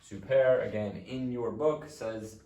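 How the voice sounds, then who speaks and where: A man's voice: medium pitch, fairly even intonation, slow, mellow, recorded from a distance. Patient man teaching from afar. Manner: patient, explaining step by step with frequent "okay". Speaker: Latin teacher. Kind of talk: recorded lesson walkthrough. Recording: echoey room, voice off-mic.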